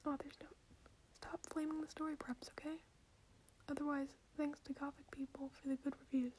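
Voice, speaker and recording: A woman reading a story in a soft, deadpan whisper, in a whispered ASMR reading style. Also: high voice, normal speed, slight background noise.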